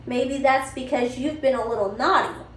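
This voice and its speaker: A woman voicing a kindly, gently stern older Santa who lectures slowly. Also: sits high, slight background noise, lightly acted. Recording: roomy, distant mic, faint ambience.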